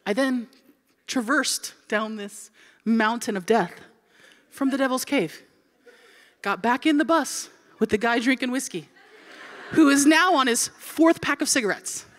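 Animated woman pastor telling a story. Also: fairly high pitch, a little slow, long pauses, big-room sound. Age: 40s. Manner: animated and comedic, acting out scenes. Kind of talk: storytelling sermon.

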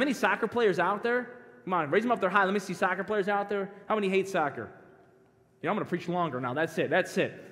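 A man in his thirties preaching at a youth conference, an animated, joking storyteller who talks straight to the crowd. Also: high-pitched. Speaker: pastor. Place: church sanctuary. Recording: long hall reverb.

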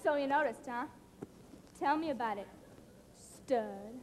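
A woman's voice: extremely high pitch, a little slow, heavy background noise. A teenage girl playing a teasing tough girl in a school stage musical, singing with a slangy sass. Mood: cool. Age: teens. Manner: cool, slangy drawl, sassy belting. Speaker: student actor. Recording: echoey stage with loud band.

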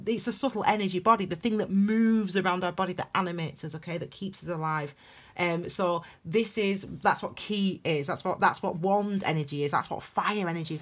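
A woman giving a casual, chatty tarot reading, breaking into animated excited bursts. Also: on the low side. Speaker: tarot reader.

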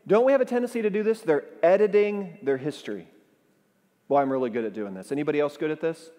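A male pastor delivering a sermon in a lively, conversational style, often prompting the congregation to answer back. His voice sits high for a man. A long reverb tail hangs in the church around him. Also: fast. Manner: animated, conversational preaching with audience call-and-response. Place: church sanctuary.

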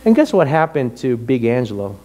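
A middle-aged man, a pastor, telling a personal story in a sermon with animated, emotional delivery. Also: medium pitch, brisk.

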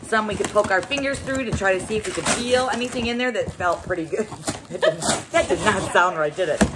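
A woman's voice: mid-range voice, fairly quick, very noisy. A middle-aged woman hosting a casual unboxing vlog, chatty and exclaiming as she thinks aloud. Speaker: host.

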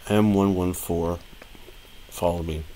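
Low-voiced man streaming a tutorial. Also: takes it slowly, heavy background noise. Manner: relaxed, rambling, thinking aloud with fillers. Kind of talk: casual live-stream tutorial.

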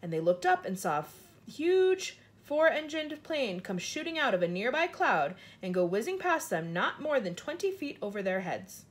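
A woman with a slightly husky, fairly high voice reads a children's story aloud. Her delivery is dramatic and expressive. Her pitch rises and falls in wide, lively swings. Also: moderate pace. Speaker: storybook reader. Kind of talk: children's book read aloud.

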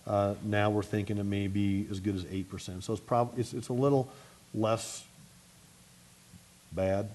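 This is a middle-aged city mayor giving a high-energy luncheon speech followed by questions. He speaks rapidly, frequently restarting, and his pitch is fairly low.

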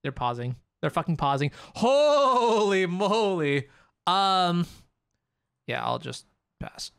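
A young adult card game player thinking aloud during a match, swearing often in frustration between calmer planning. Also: medium pitch, measured pace, creaky, clean tone. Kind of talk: live gameplay commentary, thinking aloud.

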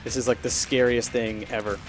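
Guy commentating his game run, swears a lot, goes quiet then loud, little game music behind. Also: medium pitch, level tone, fairly quick. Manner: chatty, swearing, swings from hushed focus to loud frustration. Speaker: gameplay commentator. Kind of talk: live gameplay commentary.

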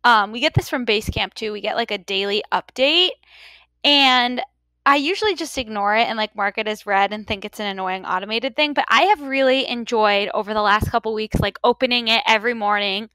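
A woman's voice: fairly high pitch, a little fast, bright, forceful tone, clear, resonant tone, no echo. A young woman co-hosting a podcast. She chats in an upbeat way and fills her talk with "like". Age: young adult. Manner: chatty, upbeat, lots of "like". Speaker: podcast co-host. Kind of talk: casual work chat.

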